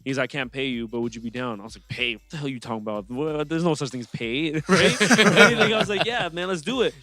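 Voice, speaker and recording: A young man, a rapper guest on a podcast, telling his story in a casual, animated way and acting out what others said to him in slang. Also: fairly high pitch, fast, faint music behind. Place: podcast studio.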